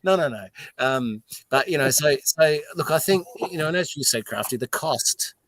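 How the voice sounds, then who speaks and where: A man's voice: fairly high pitch, lively intonation, normal speed, a bit bright, dry recording. An Australian man, a distillery owner, telling frank and profane anecdotes in a casual podcast chat, a little tipsy from whiskey.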